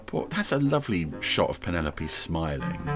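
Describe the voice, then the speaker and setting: Lively low-voiced male podcast host. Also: moderate pace, music in the background. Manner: chatty and wry, with fond asides. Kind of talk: watch-along episode commentary.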